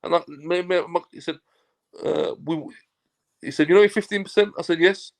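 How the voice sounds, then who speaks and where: A man's voice: high-pitched, moderate pace. A man, a football agent as a guest, telling a story casually, acting out what others said and swearing freely. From Turkey. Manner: animated storyteller, swears, acts out dialogue.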